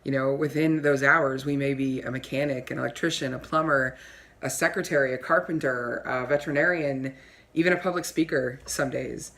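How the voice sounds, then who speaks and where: A woman's voice: extremely low pitch, fairly even intonation, normal speed, fairly bright tone. A woman from Pennsylvania, a dairy farmer, explaining her work in an earnest, friendly, matter-of-fact way. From Pennsylvania, USA. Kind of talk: casual explaining in a comedy sketch.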